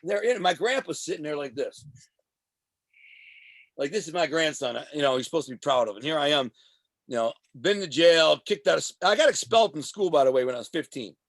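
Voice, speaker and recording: Animated man telling street stories, slightly high. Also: fairly quick, dry recording. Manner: animated, profane street talk; acts out voices of the people in his stories. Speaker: former mob associate telling his story. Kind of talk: casual storytelling interview.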